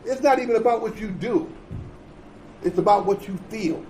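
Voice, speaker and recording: Emphatic, high-voiced man preaching recovery. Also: moderate pace, warm tone, slight background noise, poor audio. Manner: emphatic, repetitive, blunt with profanity; conversational, checks in with "okay?" and "right?". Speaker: recovery conference speaker.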